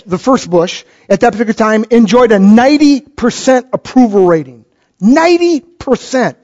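A man's voice: very high voice, darkish tone. A middle-aged man preaching a sermon as pastor, telling stories animatedly and acting out quoted voices. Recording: dull lo-fi recording.

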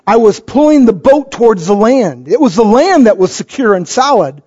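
A man's voice: sits high, big pitch swings, moderate pace, hardly any pauses, a little mellow, slightly rough. A middle-aged man preaching a sermon as pastor, telling stories animatedly and acting out quoted voices. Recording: dull lo-fi recording.

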